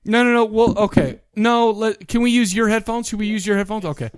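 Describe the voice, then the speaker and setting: A man's voice: sits high, fairly even intonation, brisk, clear, resonant tone. A man co-hosting a podcast, joking and rambling through casual banter and play-by-play. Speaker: podcast co-host.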